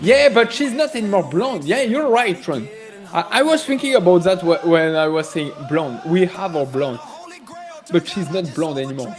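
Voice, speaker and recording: A man's voice: sits high, expressive, moderate pace, soft background music. Joking French man hosting a live stream. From France. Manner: joking, rambling, greets chat viewers by name. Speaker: livestream trading host. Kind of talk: casual live-stream chat.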